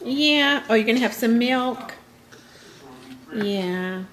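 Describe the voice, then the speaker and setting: A woman's voice: a little high, takes it slowly, a bit bright. A woman filming a home video at snack time, talking to her small children in cooing, sing-song baby talk.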